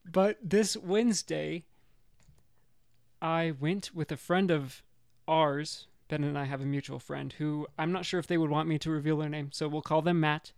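Young man, higher voice with gravelly fry, dry close sound, rambling self-deprecating teller. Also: fairly even intonation, normal speed, dry recording. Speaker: podcast co-host. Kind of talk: casual storytelling chat.

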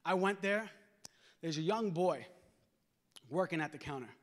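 A man's voice: a little high, expressive, a little slow. A man preaching in a church, telling his own story in a conversational way and calling on the congregation to answer back. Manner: conversational storytelling with call-and-response exhortation. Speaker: guest preacher giving testimony. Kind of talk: sermon testimony. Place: church sanctuary. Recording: long reverb of a church hall.

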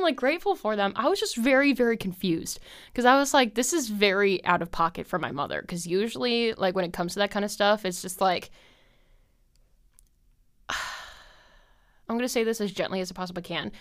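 Smooth-voiced young woman rambling casually. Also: medium pitch. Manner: chatty and scattered, heavy with fillers and frequent laughs. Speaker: podcast host.

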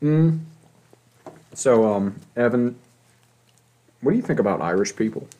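A young man co-hosting a casual, crude podcast chat, joking loudly and laughing often. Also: mid-range voice, animated, a little slow. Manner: loud, joking, laughs often, puts on silly voices. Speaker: podcast co-host.

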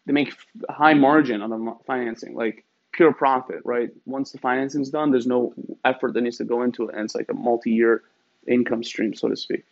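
A man's voice: medium pitch, steady tone, brisk, gravelly. A man from Iran telling a story in a wry, emphatic way, often adding rhetorical tags. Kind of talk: casual storytelling. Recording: slightly dull, lo-fi sound.

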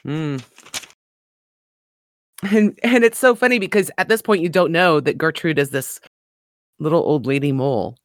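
A woman's voice: low voice, moderate pace, long pauses, dry recording. A woman co-hosting a book podcast, talking casually and enthusiastically about a story, laughing often. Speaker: podcast co-host.

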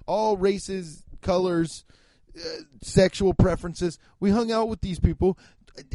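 A young man in his twenties or thirties, a comedian rambling through a profane, animated monologue with bursts of shouting. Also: high-pitched, no echo. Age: 20s to 30s.

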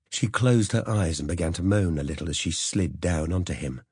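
A man narrating an audiobook in a measured storytelling manner. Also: low voice, lively intonation, darkish tone, slightly rough, no room sound, clean studio sound. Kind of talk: scripted narration.

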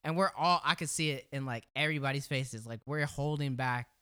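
A young man telling a story in casual chat, animated and slangy, swearing freely and laughing as he goes. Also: mid-range voice, brisk, smooth.

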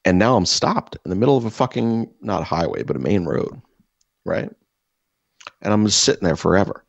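Deep-voiced young man, swearing storyteller. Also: creaky, no room sound, highs cut off. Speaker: podcast co-host. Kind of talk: casual podcast chat.

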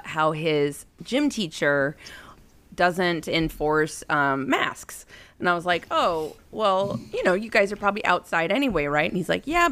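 A woman's voice: low-pitched, fairly bright tone, clear, resonant tone. A woman in her thirties casually telling a personal story, rambling and profane, with an exasperated tone.

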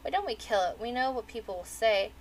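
A woman's voice: fairly high pitch, animated, a little fast, a little hiss or hum, close to an everyday voice, low-quality recording. A woman voicing a bawdy, bleary-eyed young maiden midwife in a storybook reading, crude and mocking.

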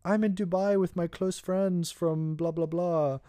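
This is a smug, sing-song young woman bragging about her getaway with friends, pitched well above the speaker's normal voice. A man puts her on with open mockery, stretching every vowel. The sound is close and dry. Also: fairly even intonation, measured pace, mellow, smooth, no echo. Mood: mocking. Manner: mocking, exaggerated falsetto-like lilt. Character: airy young woman boasting about a trip.

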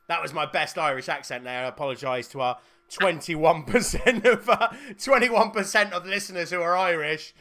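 A man's voice: on the high side, moderate pace, few pauses, bright, forceful tone. A man co-hosting a podcast, joking and swearing through casual banter. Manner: jokey, swears a lot. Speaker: podcast co-host.

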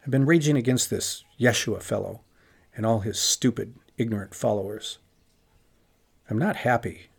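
A man's voice: normal speed, gravelly, slightly rough. A man voicing a brooding remorseful Pharisee. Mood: bitter. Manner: low, quiet inner monologue of self-reproach. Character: remorseful middle-aged male Pharisee, brooding and self-accusing. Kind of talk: dramatized inner monologue in a lecture.

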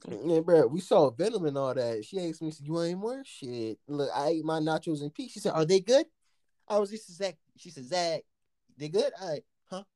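A man telling a story in casual chat, animated and profane, laughing often and acting out what people said. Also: a little high, moderate pace, dry recording, clean studio sound.

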